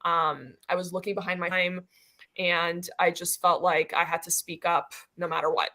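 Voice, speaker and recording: Bright, animated middle-aged woman. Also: fairly low pitch, normal speed. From Iran. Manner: animated storytelling, many "like" fillers. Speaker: physician and panel guest. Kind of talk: casual panel discussion.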